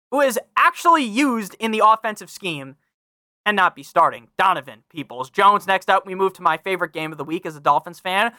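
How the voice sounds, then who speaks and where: Brash, bright-voiced sports podcast man. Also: high-pitched, clear, resonant tone, dry recording, clean studio sound. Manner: brash, swears freely, talks to listeners directly; reads a sponsor ad. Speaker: fantasy football podcast host. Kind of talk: casual profane sports analysis.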